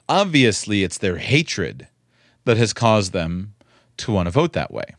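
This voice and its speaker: A man giving spoken commentary in a measured, earnest way, repeating words for emphasis. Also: on the low side, sing-song, no room sound, studio quality.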